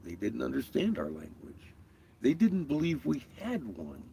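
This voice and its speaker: A man's voice: mid-range voice, wildly swooping pitch, a little slow, gravelly, dark tone, slight background noise. A man delivering a heated, rambling, profanity-laced monologue while riding in a vehicle. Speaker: video creator. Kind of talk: casual rant.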